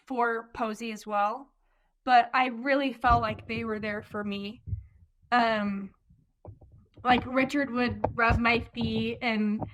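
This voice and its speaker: A young woman with a somewhat high voice tells her story in an interview, taking her time. She speaks earnestly, fills gaps with "like", and slips into other people's words as she retells scenes. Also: fairly bright tone. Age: young adult. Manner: earnest, retells scenes by quoting what others said, many "like" fillers. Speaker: interview guest, birth mother.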